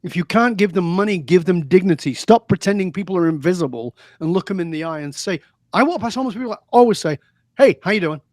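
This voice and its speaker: Man, interview guest, emphatic and preachy, fairly high voice, dry close sound. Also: expressive, quick pace, no room sound. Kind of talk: interview conversation.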